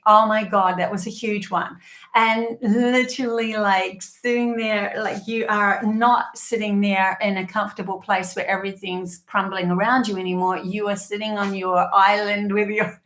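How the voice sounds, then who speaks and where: A woman talks through a live tarot reading in a roomy, echoey space, her voice sitting at a middle pitch. She is chatty and openly emotional, laughing often and filling pauses with ums and likes. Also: fairly even intonation, fairly bright tone. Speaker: tarot reader and channeler.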